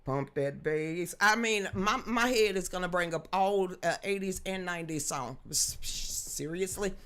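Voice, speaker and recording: A woman hosting a casual live stream into a studio microphone, chatting with viewers in a loud, blunt and joking way, laughing often and swearing freely. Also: medium pitch, moderate pace. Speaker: livestream host. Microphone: studio microphone with a level meter.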